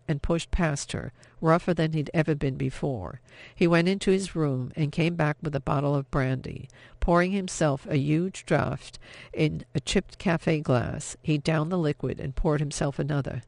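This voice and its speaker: A man narrates a novel in a steady, measured audiobook read. His voice is slightly high with a gravelly texture. The recording is close and dry. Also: dry recording.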